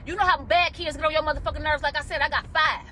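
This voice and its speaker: Sitting in a car, a commentator responds to a viral video with an emotional, profane rant to camera, heated and nearly crying. Her high voice is pushed and bright, fast and fairly even in intonation, with slight background noise.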